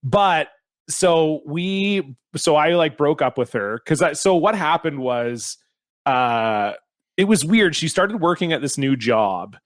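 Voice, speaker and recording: A man's voice: fairly high pitch, animated, takes it slowly, no echo. A man co-hosting a podcast, telling a rambling story in casual chat, swearing often and restarting his sentences. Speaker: podcast co-host.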